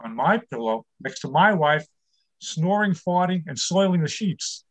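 A man's voice: a little high, lively intonation, measured pace. An older man performing a stand-up comedy set, telling wry, self-deprecating jokes about his marriage.

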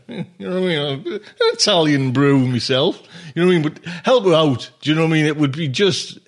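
Rambling man hosting a podcast. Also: medium pitch. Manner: rambling with filler phrases. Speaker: podcast host. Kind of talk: casual chat.

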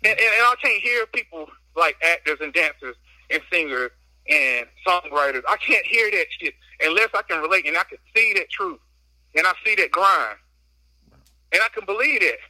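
A man's voice: high voice, lively intonation, normal speed, sharp tone, dry recording, low-quality recording. A man guest on a casual podcast, talking through a phone while out on a walk, slightly out of breath, emphatic and slangy as he vents. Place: outdoors on a walk.

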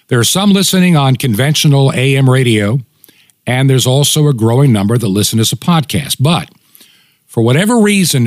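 A man hosting a radio ministry, speaking earnestly in a weak, tired voice and slowing down to spell out details for listeners. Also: medium pitch, no room sound.

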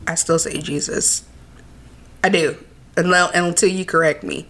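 A woman's voice: fairly low pitch, measured pace, fairly bright tone. A woman from the West Coast co-hosting a podcast, telling stories in a candid, profane, laughing way. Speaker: podcast co-host. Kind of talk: casual chat.

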